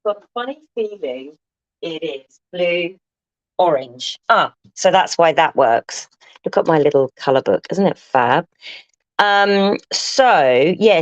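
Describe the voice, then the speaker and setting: A low-pitched woman talks her way through a live craft demonstration, chatty and enthusiastic, thinking aloud and chatting with viewers. The sound is dry and close, a little dull at the top. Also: no echo. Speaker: craft tutor hosting a livestream.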